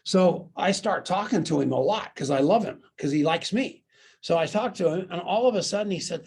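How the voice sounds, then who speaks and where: Gravelly, husky middle-aged storyteller man. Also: high voice, moderate pace. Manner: loud, lively anecdote teller. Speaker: guest, network marketer. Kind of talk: animated storytelling in an interview.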